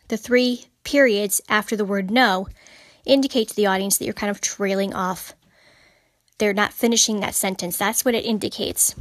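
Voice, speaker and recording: On her podcast about writing, a woman with a mid-range voice gives an informal teaching monologue on grammar. She stresses and repeats key points, recorded in clean studio sound with no room noise.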